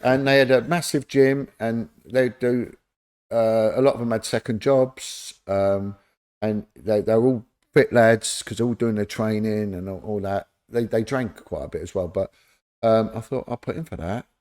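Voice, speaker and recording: A middle-aged man, telling lively stories as an interview guest and acting out the dialogue. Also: fairly low pitch, normal speed. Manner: animated anecdote-telling, acts out quoted dialogue. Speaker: interview guest, former police officer. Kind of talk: casual storytelling.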